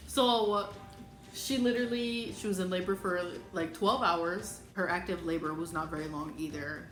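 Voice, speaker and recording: A young adult woman telling a story casually and animatedly, acting out what people said in a higher voice. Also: moderate pace. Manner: animated, acts out quoted speech in a higher voice. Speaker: vlogger telling her birth story. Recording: echoey room with clear background music.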